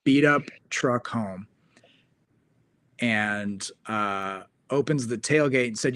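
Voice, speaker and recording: A man's voice: mid-range voice, takes it slowly, fairly bright tone, dry recording. A male host in casual chat, telling a rambling story with plenty of fillers.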